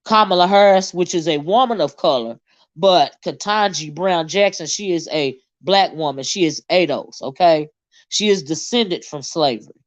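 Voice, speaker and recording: A woman's voice: on the low side, dry recording, lo-fi sound. A woman hosting a casual livestream and reading her chat, blunt and swearing freely, with a habit of repeating herself.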